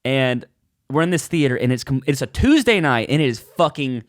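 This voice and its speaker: A man's voice: mid-range voice, a little fast, no echo, clean studio sound. A man, a comedian and podcast co-host, telling a story in a casual chat and acting out the voices in it. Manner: animated, acts out voices in his stories.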